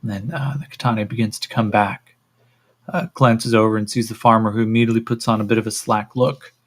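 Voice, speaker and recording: A man running a solo tabletop role-playing game on a stream, relaxed and thinking aloud with a lot of fillers and swearing. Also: fairly low pitch, a little fast, a little hiss or hum. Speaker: solo game master and player.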